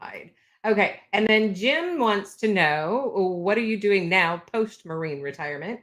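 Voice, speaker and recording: A woman's voice: medium pitch, lively intonation, a little slow, fairly bright tone. Woman host reading viewer questions.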